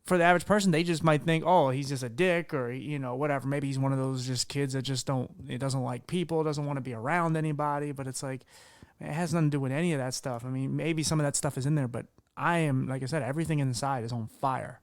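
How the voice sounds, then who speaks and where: Man, podcast host, candid rambling talk, mid-pitched voice, dry close-miked recording. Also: fairly even intonation, fast talker, no echo. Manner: candid, rambling with many restarts and fillers. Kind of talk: casual conversational interview.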